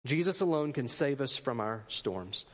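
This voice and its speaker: A man's voice: medium pitch, lively intonation, moderate pace, fairly bright tone, in a large hall. A man preaching a sermon in a conversational way, asking rhetorical questions and adding joking asides. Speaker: pastor.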